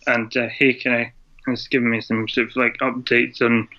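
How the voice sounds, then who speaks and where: A man's voice: medium pitch, level tone, moderate pace. A man from Scotland, a guest on a podcast, chatting casually in a rambling, hesitant way and laughing often. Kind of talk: casual interview chat. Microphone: video call. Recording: dull lo-fi internet call audio.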